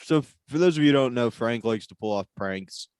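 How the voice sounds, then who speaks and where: A man guesting on a comedy podcast, telling a prank idea in a deadpan way over a video call. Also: mid-range voice, fairly quick, clean tone, no room sound. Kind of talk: casual chat.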